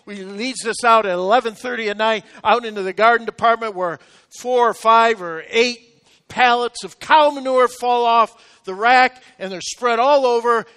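High-voiced man preaching in a reverberant hall. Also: moderate pace, clear, resonant tone. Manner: storytelling, swings from quiet confessional to loud exclamations. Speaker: pastor. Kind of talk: sermon.

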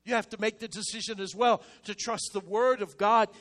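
High-voiced male preacher, emphatic. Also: steady tone, a little fast. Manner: emphatic, swings from loud declarations to soft, low asides. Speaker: pastor. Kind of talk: sermon.

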